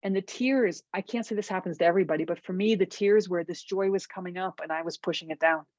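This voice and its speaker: Middle-aged woman, low voice, chatty meditation teacher, dull dry video-call audio. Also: fast, no echo. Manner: warm conversational teaching, frequent "right?" and "okay?". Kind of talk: guided workshop talk on a video call.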